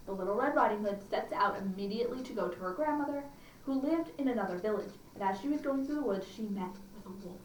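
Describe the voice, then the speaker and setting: A woman's voice: mid-range voice, animated, fast. A woman hosting a library storytime, chatting and reading a fairy tale aloud with fillers and restarts. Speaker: children's librarian. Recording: roomy echo, distant mic, faint hum.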